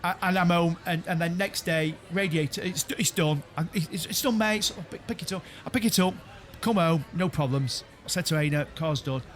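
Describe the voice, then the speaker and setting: A man's voice: fairly high pitch, moderate pace, hardly any pauses. A man, co-hosting a casual chat among friends and telling a rambling story full of restarts and laughter. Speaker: podcast co-host.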